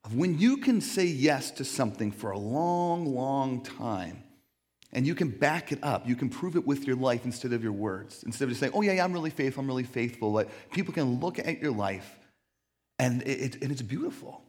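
Animated joking man preaching. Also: medium pitch, normal speed. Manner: animated, joking, self-deprecating. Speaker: pastor. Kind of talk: sermon.

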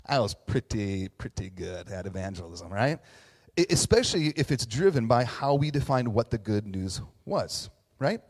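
A middle-aged pastor preaches a casual, chatty sermon, joking at his own expense and filling it with fillers and tag questions like "right?". His fairly low voice is animated and moves at a normal speed, with a big-room sound.

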